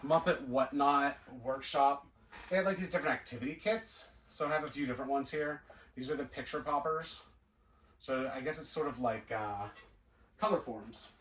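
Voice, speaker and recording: This casual unboxing chat features a man, a toy collector vlogger, going through boxes of toys in a cluttered indoor toy room and talking slowly and musingly to himself. His mid-range voice is a bit bright, with slight background noise. A distant mic picks him up in an echoey room.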